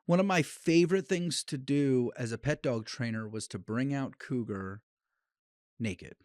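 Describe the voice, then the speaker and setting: A man hosting a solo podcast as a dog trainer, talking bluntly and with conviction in quick bursts, with frequent restarts. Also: medium pitch, a little mellow, no echo, studio quality.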